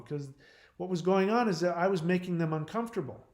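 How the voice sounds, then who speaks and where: A man's voice: sits high, quick pace, a little mellow. A man hosting a live-stream advice talk, speaking bluntly and frankly in a loose, rambling way. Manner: loose, rambling delivery with many fillers and restarts. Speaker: channel host on relationships and codependency. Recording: roomy echo.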